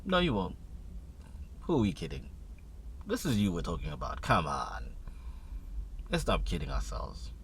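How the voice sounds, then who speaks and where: A man's voice: low-pitched, moderate pace, long pauses, slight background noise, exaggerated voice. A man voicing his own inner critic, scornful and doubting. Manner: flat, scornful.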